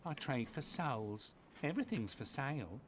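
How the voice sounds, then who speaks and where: An actor voicing a whiny undead male merchant in a video game who trades for souls, with a drawn-out sing-song delivery. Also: mid-range voice, big pitch swings, slight background noise, lightly acted. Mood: wheedling. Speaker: game shopkeeper.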